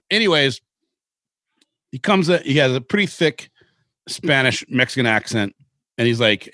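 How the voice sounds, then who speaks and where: A middle-aged man from Seattle tells long, rambling stories with animated turns and casual swearing. His voice sits mid-range and is recorded close and dry, with no room sound. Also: mid-range voice, a little slow, long pauses, dry recording. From Seattle, Washington. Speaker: podcast co-host. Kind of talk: casual storytelling chat.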